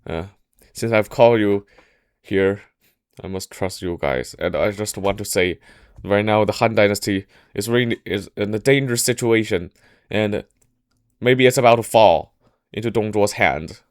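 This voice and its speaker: A man's voice: fairly low pitch, normal speed, no echo, clean studio sound, close to an everyday voice. A man voicing an older court minister who is troubled and indignant, in a casual storytelling style. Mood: secretive. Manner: hushed, confiding, then angry.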